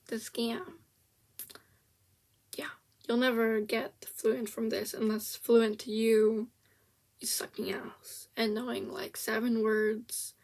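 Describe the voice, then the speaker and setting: A young woman ranting in casual commentary about a language app, blunt and sarcastic, swearing freely and often restarting her sentences. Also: fairly high pitch. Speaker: vlogger reviewing a language app.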